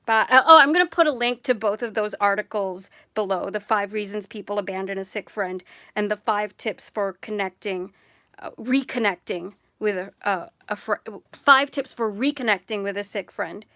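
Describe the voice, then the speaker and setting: A woman's voice: mid-range voice, moderate pace, sharp tone, no room sound, clean studio sound. A young adult woman talking chattily to camera in a personal vlog, wandering between asides and correcting herself as she goes. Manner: chatty, digressive, self-correcting. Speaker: vlogger.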